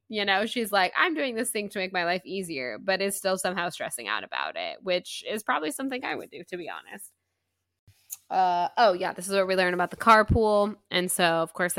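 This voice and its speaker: A woman's voice: lowish voice, bright, forceful tone, no echo, clean studio sound. A woman co-hosting a podcast, retelling a book's chapters in a chatty, giggly way with many fillers. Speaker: podcast co-host. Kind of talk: casual book-club chat.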